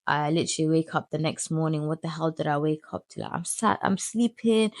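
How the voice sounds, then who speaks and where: A woman in her thirties, bluntly retelling her own story in a storytime vlog, swearing freely and animated. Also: low-pitched, fairly quick, no room sound. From United Kingdom. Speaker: vlogger.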